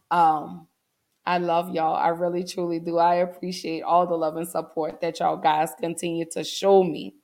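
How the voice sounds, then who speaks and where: Earnest forties woman hosting a live chat stream, near tears, a little low-pitched. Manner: earnest, heartfelt, many "um"s, addresses chat as "y'all". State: holding back tears. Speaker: livestream host. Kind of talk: casual livestream talk to viewers.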